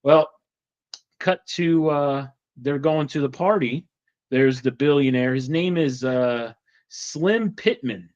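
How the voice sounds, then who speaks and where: A man's voice: medium pitch, takes it slowly, a little mellow. Rambling man with muffled lo-fi sound. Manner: chatty, rambling with many fillers. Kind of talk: casual retelling.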